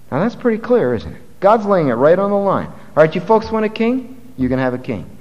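A man preaches a sermon in a slightly higher voice, reading scripture and pressing his points with rising force. His words carry a long reverb, as if spoken in a large hall. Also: very animated, brisk, few pauses, a little mellow, dull audio. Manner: preaching with swelling emphasis, reading scripture aloud. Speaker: pastor.

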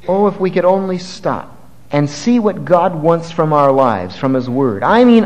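Male pastor, fairly high voice, sermon delivery that swells with emphasis, long hall reverb. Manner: preaching with swelling emphasis, reading scripture aloud.

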